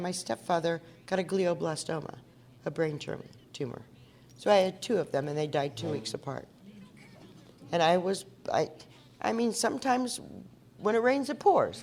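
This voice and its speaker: A woman from Indiana speaking at a recovery meeting, telling her story in an earnest, conversational way and asking the audience questions. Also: fairly low pitch. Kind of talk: personal recovery talk at a meeting. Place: meeting hall before an audience.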